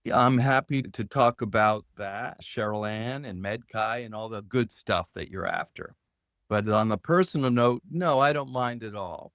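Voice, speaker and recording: A middle-aged man telling a personal story as a podcast guest, lively, raising his voice high when he quotes people. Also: normal speed, dry recording, clean studio sound. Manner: animated storyteller, lifts his pitch sharply when quoting others. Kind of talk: storytelling in conversation.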